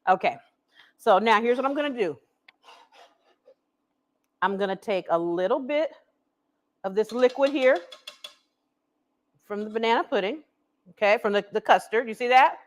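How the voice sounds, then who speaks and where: Filming herself with her own camera, a woman hosts a live cooking stream from her kitchen at home, chatty and laughing as she addresses viewers. Her voice is on the high side, at normal speed, with long pauses.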